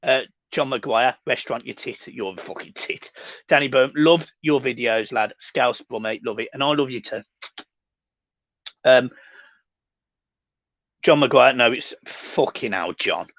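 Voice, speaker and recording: A man's voice: mid-range voice, a little slow, long pauses, a bit bright, dry recording, highs cut off. A young man hosting a fan livestream, reading out chat comments with sweary, laddish banter. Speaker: fan channel host reading live chat.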